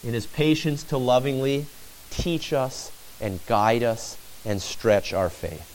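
A man's voice: mid-range voice, slow pace, a little mellow. A man preaching a sermon, retelling a scripture story with dramatic rises and drops in his delivery.

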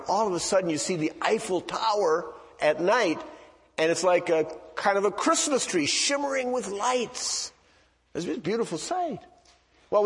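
Man preaching in a reverberant church. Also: fairly high pitch. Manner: conversational storytelling with many asides and restarts. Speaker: pastor. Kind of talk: sermon. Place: church sanctuary.

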